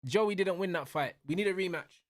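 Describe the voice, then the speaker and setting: A young man, commentating live on a fight for his stream in an excitable, slangy way, yelling at the referee. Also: high voice, fairly quick, dry recording, studio quality.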